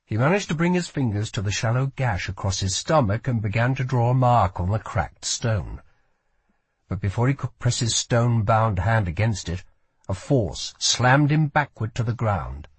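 A man narrating a fantasy audiobook with slow, expressive storytelling. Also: fairly low pitch, slightly rough, no echo. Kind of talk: scripted narration.

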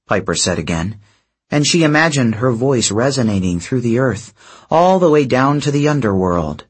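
A man narrating an audiobook in slow, expressive storytelling. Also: mid-range voice. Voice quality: husky, breathy.

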